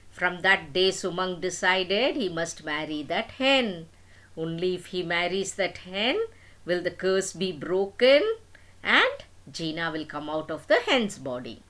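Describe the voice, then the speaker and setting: An older woman telling a folk tale to children in an animated, dramatic way. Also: lowish voice, measured pace. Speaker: storyteller. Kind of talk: storytelling to children.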